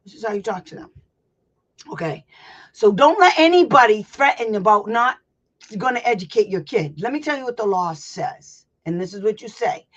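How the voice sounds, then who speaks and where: A woman hosts a loose, rambling teaching chat about special education, drifting between tangents and plain advice. She laughs often and swears casually, and her voice sits in a middle pitch. The sound is a little muffled and lo-fi. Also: animated, moderate pace, fairly bright tone. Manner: chatty and rambling, laughs often, blunt and salty. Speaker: special education advocate host. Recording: slightly dull lo-fi sound.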